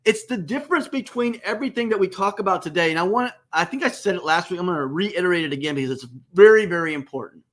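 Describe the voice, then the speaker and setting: A man's voice: fast, hardly any pauses. A man hosting a business webcast, talking emphatically and repeating words for stress. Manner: emphatic, repeats phrases, lively swings in pitch. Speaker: host. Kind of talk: enthusiastic business webcast talk.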